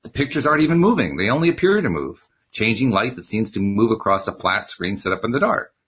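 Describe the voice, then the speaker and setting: A man voicing a calm, teasing male mystic teacher in a novel read aloud, speaking in patient, probing questions. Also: on the low side, quick pace, slightly rough, exaggerated voice.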